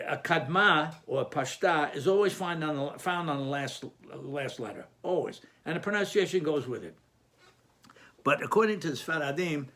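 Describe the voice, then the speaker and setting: A man's voice: a little high, a bit bright. A man teaching a lesson, patient and explanatory, often repeating and restarting phrases. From Sephardic Jewish community.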